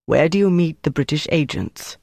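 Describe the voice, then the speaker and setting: A reader voicing a calculating German officer, speaking in a measured, coolly menacing way. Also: male voice, on the high side, creaky, darkish tone, no room sound, studio quality. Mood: cold, measured. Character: cold, calculating German officer interrogating a prisoner.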